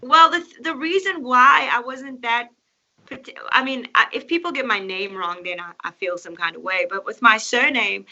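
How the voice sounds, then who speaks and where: A woman's voice: a little high, moderate pace, bright, forceful tone. A woman with a South African accent, a guest singer chatting casually in an interview and laughing easily. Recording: dull lo-fi audio.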